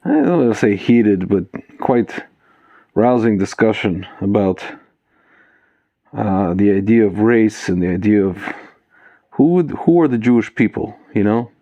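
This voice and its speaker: A man's voice: on the low side, lively intonation, a little slow, dark tone, dry recording, muffled recording. A man giving casual commentary to his viewers, calling them "guys", with many fillers and a loose, digressive flow. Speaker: video commentator. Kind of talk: casual spoken commentary to camera.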